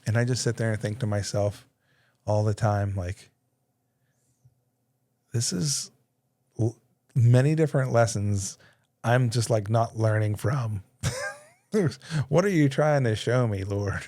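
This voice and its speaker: A man's voice: lowish voice, slow, pauses often, warm tone, no room sound. A man in his thirties hosting a casual studio talk, telling a story with lots of laughter and acted-out voices. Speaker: podcast host. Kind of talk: casual conversation.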